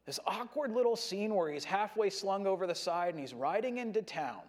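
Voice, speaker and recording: A man preaching a sermon in a conversational, animated way, acting out what a crowd shouts. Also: high voice, moderate pace. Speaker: pastor.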